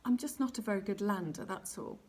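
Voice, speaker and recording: Lady doing a lil baby owl boy, eager n chatty, high bouncy voice, storybook. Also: normal speed, breathy edge, exaggerated voice. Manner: excited, pleading.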